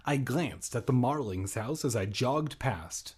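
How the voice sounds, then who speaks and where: A man reads a spooky children's book aloud and keeps breaking off to mock it with sarcastic asides. His voice is a bit husky, and his pitch rises and falls in a lively, animated way. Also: unhurried. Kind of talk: comedic read-aloud with commentary.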